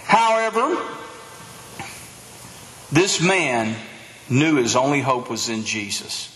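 A man's voice: mid-range voice, very animated, slow pace, fairly bright tone, a little hiss or hum. A man preaching a sermon as a pastor, delivering it with animation and acting out the voices of the crowd. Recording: long hall reverb.

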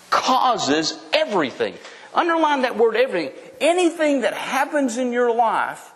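A man's voice: high-pitched, fairly bright tone, big-room sound. A man preaching a sermon as pastor. He asks the congregation direct questions and builds up his emphasis.

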